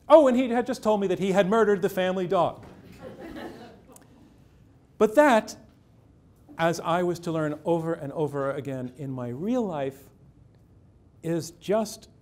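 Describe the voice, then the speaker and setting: Man telling a story on stage, slightly high voice. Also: a little mellow. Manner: measured, dramatic pauses, dry irony. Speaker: journalist and storyteller. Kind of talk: first-person stage storytelling.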